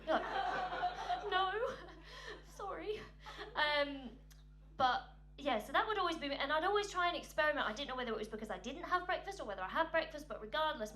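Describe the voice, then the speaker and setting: A woman tells a stand-up comedy story in a chatty, self-mocking way, breaking it up with ums. Her voice sits fairly high. A steady hum runs under the recording.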